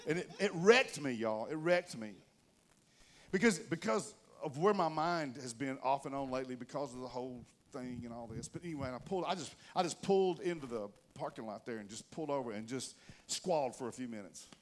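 Animated preacher man telling stories. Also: mid-range voice, a little fast. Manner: folksy storytelling, addresses the congregation directly; animated, rises and drops in loudness for emphasis. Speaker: pastor. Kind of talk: conversational sermon.

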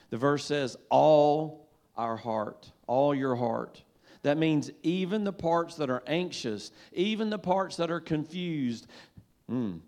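A man's voice: on the high side, a little mellow. A man in the role of pastor, preaching a sermon in a folksy, conversational way and leading the congregation in call-and-response. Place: church sanctuary.

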